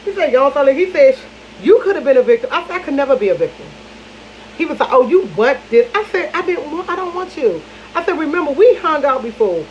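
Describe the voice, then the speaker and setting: Chatty woman with a dull, lo-fi sound. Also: a little high. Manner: animated gossip, repeats lines for emphasis, talks to viewers as "y'all". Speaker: vlogger. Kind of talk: casual storytime chat to viewers. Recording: dull lo-fi audio with faint noise.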